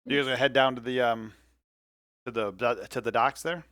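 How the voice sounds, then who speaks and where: A man narrates a tabletop game as its game master, circling back with fillers and restarts. His voice is bright and sits in the middle pitch range. The recording is dry and close. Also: steady tone, fairly quick, no room sound. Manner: rambling, with many fillers and restarts. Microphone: home microphone in a remote session.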